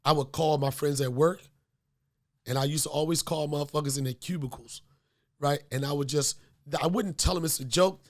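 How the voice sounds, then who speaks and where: A male comedy podcast host with a slightly high voice, a little worn from a cold. He rambles loosely through stories, full of fillers and profanity. Casual and unscripted throughout. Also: fairly bright tone. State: getting over a cold.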